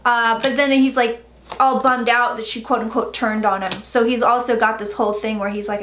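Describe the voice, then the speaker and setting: A chatty, blunt woman in her forties gives a casual tarot reading, her voice sitting a little high. She swears freely as she talks. The room is echoey, with a faint hiss behind her. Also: flat delivery, normal speed, a bit bright. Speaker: psychic tarot reader.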